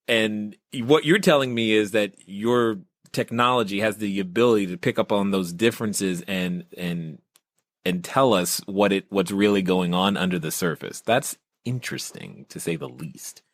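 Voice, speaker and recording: Man, podcast host, low voice, eager, interjects, laughs, dry close mic. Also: moderate pace, no room sound. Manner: animated, interjecting, laughs between questions.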